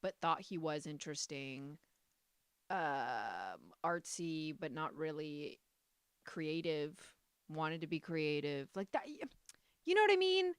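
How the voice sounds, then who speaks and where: Young woman, solo podcast host, sarcastic rant, dry close mic, volume swings from mutter to shout. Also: deep voice, slow pace, clean tone, no echo. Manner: animated, sarcastic, swings from muttering to loud outbursts.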